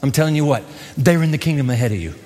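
A man's voice: mid-range voice, racing. A man preaching a sermon as pastor, dramatic and emphatic, acting out the voices in the story. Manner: dramatic, acts out quoted voices, lively emphasis. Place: church hall. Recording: long hall reverb.

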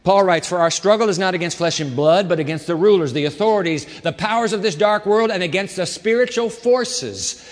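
Male pastor preaching in a high-pitched, dramatic voice, recorded with long church-hall reverb. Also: fairly quick, few pauses. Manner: animated, dramatic delivery with shifting volume. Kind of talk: sermon.

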